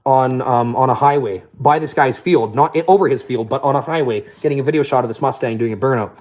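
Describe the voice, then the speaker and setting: A man's voice: medium pitch, fast, a little mellow. A young man telling profane, boastful stories in a casual rant.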